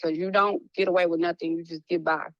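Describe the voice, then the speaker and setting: A woman speaking as a private investigator in a casual, apologetic conversation, talking in quick bursts with many restarts. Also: on the low side, dry recording, highs cut off. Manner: animated, restarts often, slips into a playful hood voice when quoting.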